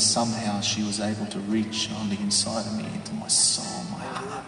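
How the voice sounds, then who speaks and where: A man tells his story from a stage in a large hall, his voice bouncing around the room with a long reverb. He is heard from a distance, with faint ambience behind him. He tells it with strong feeling, dropping low and then bursting out loud. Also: moderate pace, noisy background. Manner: emotional storytelling, swinging from hushed to shouting. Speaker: speaker giving a testimony. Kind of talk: dramatic testimony to an audience. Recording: echoey hall from far off.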